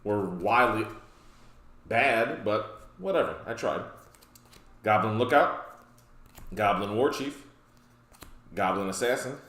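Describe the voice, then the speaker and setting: A man's voice: fairly low pitch, expressive, slow, pauses often, a bit bright. A man hosting a casual card game deck walkthrough, rambling with joking asides. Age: adult, past his youth. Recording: roomy echo.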